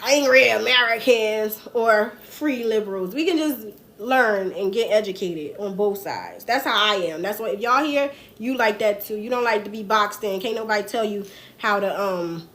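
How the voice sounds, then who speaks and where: A woman's voice: medium pitch, normal speed, a bit bright. A woman hosting a political livestream in casual chat, rambling and talking in dialect to her viewers. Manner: chatty, rambling, speaks in dialect.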